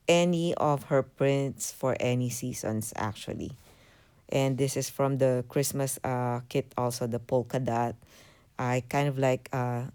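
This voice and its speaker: A woman with a rumbling low, warm voice narrates her craft channel into a voiceover mic. Walking through her project, she sounds hesitant and apologetic, her casual delivery full of fillers.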